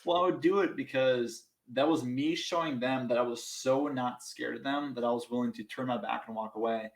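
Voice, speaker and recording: A man's voice: mid-range voice, a little fast, gravelly, roomy sound, rough recording. Young man telling stories animatedly. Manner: animated, self-mocking, laughs through stories. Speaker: podcast guest. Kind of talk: casual storytelling.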